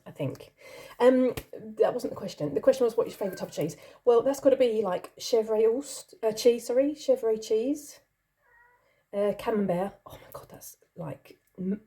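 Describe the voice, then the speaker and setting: Host role: middle-aged woman, mellow tone, rambling giggly chat to camera. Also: medium pitch. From not from the country she lives in. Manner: chatty, rambling, giggly, self-deprecating. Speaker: channel host. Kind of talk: casual chat answering a question tag.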